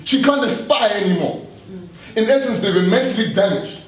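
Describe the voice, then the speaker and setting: A man gives an earnest talk to a live audience, turning again and again to the room with questions. His voice sits fairly high for a man and carries around a roomy hall. It is picked up from a distance, with a faint hiss underneath. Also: lively intonation, moderate pace. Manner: earnest, repeats words, asks the audience questions. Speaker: speaker addressing an audience.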